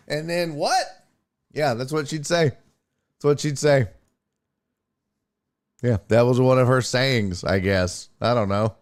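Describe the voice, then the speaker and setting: A man hosting a casual sports live stream, talking in an animated, incredulous way and swearing freely. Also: mid-range voice, slow, pauses often. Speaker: sports show host and streamer.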